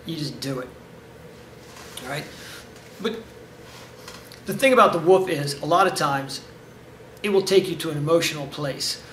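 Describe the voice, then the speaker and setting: A man's voice: fairly high pitch, lively intonation, moderate pace, pauses often, fairly bright tone, slight background noise. A man, a karate instructor, giving casual instructional talk in a direct coaching manner, often checking in with "okay?". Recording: echoey room, mic at a distance.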